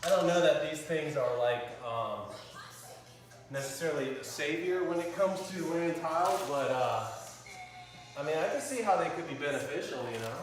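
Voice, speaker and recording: A man's voice: on the high side, lively intonation, normal speed. A man teasing his wife while laying tile during a home renovation. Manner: teasing, jokey. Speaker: co-host, husband doing home renovation. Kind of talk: casual chat while working. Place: home under renovation, indoors. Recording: echoey room from a distance with music.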